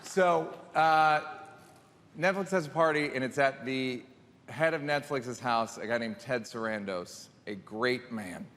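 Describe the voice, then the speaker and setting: A man's voice: mid-range voice, measured pace, background noise. A male stand-up comedian telling a rambling, self-deprecating story. A long hall reverb trails his voice, with faint ambience behind.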